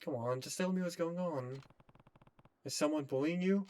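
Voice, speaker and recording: An actor playing a calm, firm middle-aged man who looks after orphans in a video game. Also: on the high side, normal speed, close to an everyday voice. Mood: gentle.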